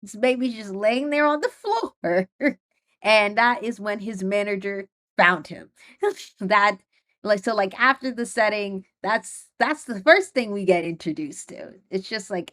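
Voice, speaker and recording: A woman's voice: medium pitch, animated, a little slow, a bit bright. A young woman hosting her own podcast, talking casually and rambling, with many fillers and frequent nervous laughs. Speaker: podcast host. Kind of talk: casual solo podcast talk.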